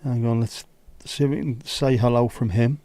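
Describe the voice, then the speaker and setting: A man with a Scouse accent chats easily through a live stream, calling out viewers by name and joking about things going wrong. His voice sits at an ordinary middle pitch. The sound is close and dry, with no room around it. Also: steady tone, normal speed, dark tone, no echo. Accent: Liverpool (Scouse). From Liverpool, England. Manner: chatty, greets viewers by name, banters and grumbles at his setup. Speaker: livestream host. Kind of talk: casual live-stream chat.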